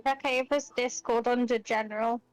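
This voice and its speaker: A woman's voice: a little high, fairly even intonation, fairly quick, no room sound, faint music behind, poor audio. A woman co-hosting a game stream, chatting casually with playful, giggly teasing. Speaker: stream co-host. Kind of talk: casual chat.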